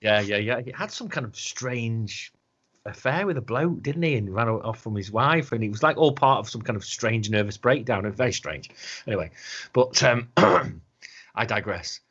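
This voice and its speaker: A man's voice: mid-range voice, expressive, moderate pace, a bit bright, slightly rough, lo-fi sound. A man co-hosting a casual podcast chat, rambling and sweary, often slipping into mock voices. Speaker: podcast co-host.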